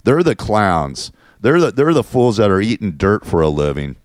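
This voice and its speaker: A man's voice: fairly low pitch, very animated, normal speed, dry recording, studio quality. A man hosting his own show, ranting in a crude, sarcastic and mocking way. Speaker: show host. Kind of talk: ranting monologue.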